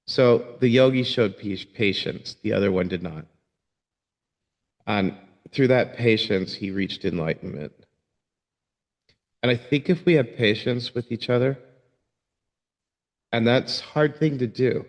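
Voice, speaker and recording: A man teaching yoga, telling a parable in a casual, halting way and often repeating his words. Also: on the low side. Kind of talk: casual storytelling talk.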